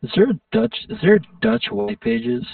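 Hesitant, gravelly man on tinny voice chat. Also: sits high, fairly even intonation, moderate pace, no room sound, distant mic. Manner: hesitant, thinking aloud. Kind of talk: casual voice-chat banter.

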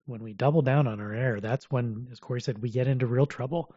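A man's voice: mid-range voice, fast talker, hardly any pauses, mellow, slightly rough, dry recording. A man talking about faith conversationally, with frequent fillers. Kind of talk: casual religious discussion. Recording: dull dry lo-fi audio.

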